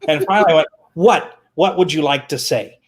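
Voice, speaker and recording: A man telling animated stories as a guest on a talk show, repeating words and acting out the people he quotes. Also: fairly high pitch, fast talker. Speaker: guest, children's entertainer. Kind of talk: animated storytelling.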